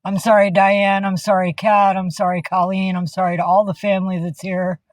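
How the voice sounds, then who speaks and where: This woman livestreams casually from a minivan, flipping between furious, foul-mouthed tirades at viewers and gentle baby talk aimed at her cats. She speaks at normal speed in a medium pitch with little pitch movement, and the recording is dry.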